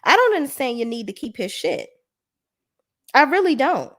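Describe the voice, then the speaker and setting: Animated, profane woman video reviewer. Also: normal speed. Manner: blunt, profane and sassy; animated, swings between high exclamations and low asides. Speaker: reality TV reviewer. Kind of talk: casual video commentary.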